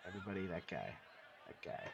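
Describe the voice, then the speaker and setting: A man bluntly and casually breaks down game footage for his team, repeating himself and swearing now and then. His low, creaky voice is sing-song and quick, on a dull lo-fi recording with a noisy background.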